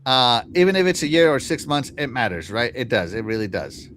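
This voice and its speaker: Animated male gaming podcast host. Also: medium pitch, fairly quick, slight background noise. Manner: animated, jokey, reads out chat comments. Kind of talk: casual gaming podcast chat.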